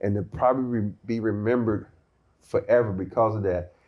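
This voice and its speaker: In an outdoor courtyard before a live audience, a former basketball player tells animated stories as a guest in a casual interview, laughing often. His voice is on the low side and his pace moderate. The recording has its highs cut off.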